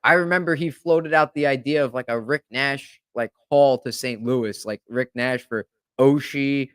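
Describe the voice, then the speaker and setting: Rambling young-sounding podcast host, dry sound. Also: male voice, medium pitch, normal speed, clean tone, no echo. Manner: rambling, animated, many fillers. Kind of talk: casual chat.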